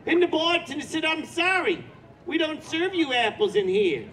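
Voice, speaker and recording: Drawling showman, laughing, high lively voice. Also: moderate pace, a little hiss or hum, full character voice. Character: drawling male showman telling jokes. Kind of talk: live street comedy show.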